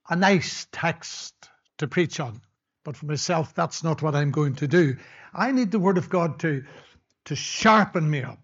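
Older preacher, candid and conversational. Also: male voice, fairly high pitch, fairly bright tone, muffled recording. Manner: candid, conversational, with frequent restarts. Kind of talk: sermon. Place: church.

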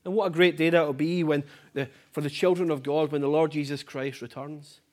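With a steady tone and a fairly quick pace, a fairly high-voiced male preacher delivers an earnest sermon, repeating himself for emphasis while his phrases trail off softly.

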